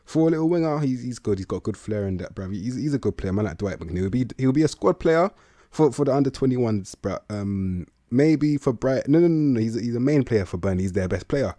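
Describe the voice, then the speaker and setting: A man's voice: mid-range voice, expressive, a little fast, dark tone, no room sound. An eighteen-year-old man, giving casual, rambling video-game commentary, full of slang and restarts. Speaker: gaming commentator.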